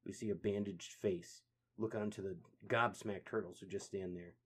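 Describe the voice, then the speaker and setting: Laid-back male podcast host retelling comic panels, husky. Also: deep voice, steady tone, moderate pace, a bit bright. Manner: casual, conversational narration. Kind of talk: casual comic book read-aloud.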